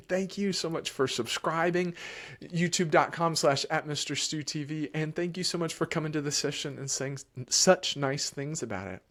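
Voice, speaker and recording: Calm, emphatic male child therapist. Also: on the high side, normal speed. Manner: calm, repeats set phrases, emphatic short commands. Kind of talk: live Q&A advice.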